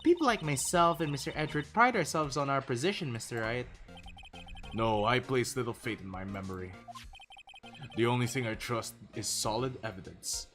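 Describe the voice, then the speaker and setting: A man's voice: mid-range voice, animated, moderate pace, a bit bright, soft background music, lightly acted. A man voicing a cold, haughty male prosecutor who speaks curtly and dismissively. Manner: curt, dismissive.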